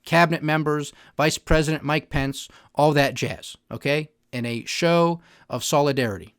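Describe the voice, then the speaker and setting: A man's voice: fairly high pitch, normal speed, smooth, no echo, studio quality. Emphatic man hosting a political podcast. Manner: emphatic, repeats "All right?" to the listener. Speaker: podcast host.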